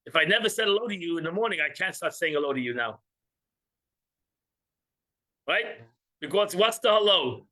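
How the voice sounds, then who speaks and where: A man's voice: high voice, animated, normal speed, long pauses, pushed and bright, poor audio. A man teaching an informal religious class, joking with listeners and acting out little scenes. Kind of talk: informal class with audience banter.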